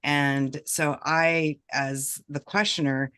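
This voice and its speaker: A woman who works as a professional negotiator, a guest on a video-call chat, speaking in a measured, reflective way and checking in often with "right?". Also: deep voice, little pitch movement, a bit bright, clean tone. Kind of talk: casual chat, giving advice.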